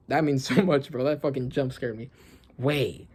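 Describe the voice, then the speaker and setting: Excitable young manga reactor. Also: mid-range voice, moderate pace, husky. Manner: excitable, gasping and laughing, lots of fillers. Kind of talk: casual reaction commentary, reading panels aloud.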